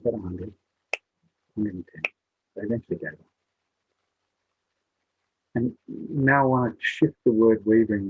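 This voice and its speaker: An earnest man shares a story with young listeners, speaking with heartfelt repetition. His voice is husky and mid-pitched, and the sound is dry and tinny, like a phone line. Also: no room sound. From Western Australia. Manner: earnest, heartfelt, repeats himself. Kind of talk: spoken storytelling to young people.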